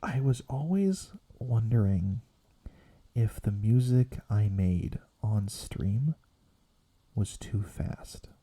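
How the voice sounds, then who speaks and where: A young man streaming as a VTuber, rambling softly in a quiet ASMR chat that slips into whispers. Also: fairly low pitch, lively intonation, slow pace, husky. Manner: soft rambling, drifting between quiet voice and whisper.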